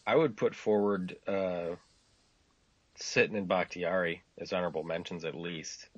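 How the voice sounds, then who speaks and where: A man co-hosting a casual sports podcast, giving measured opinions. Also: low voice, steady tone, breathy edge, no echo, muffled recording. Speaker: podcast co-host.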